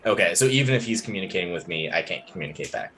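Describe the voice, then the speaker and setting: A man playing his character in a tabletop game, calm and measured. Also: sits low, slight background noise, poor audio. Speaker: player.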